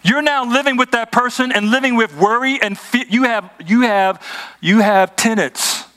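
A man's voice: extremely high pitch, moderate pace, sharp tone, a little hiss or hum. A man preaching a sermon as pastor, emphatic and conversational, asking his congregation rhetorical questions.

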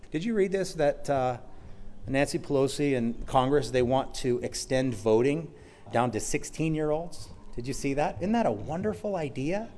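A man in a mid-pitched voice delivers a sermon. He hammers key phrases with emphasis, then drops to quiet asides. Now and then a sarcastic edge slips in. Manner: emphatic, swings between loud declarations and quiet asides. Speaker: pastor.

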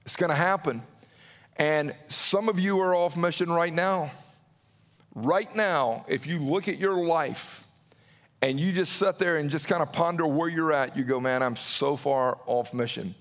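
A man preaching a sermon, acting out quotes and pausing for drama. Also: on the high side, a bit bright, long reverb tail. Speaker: pastor.

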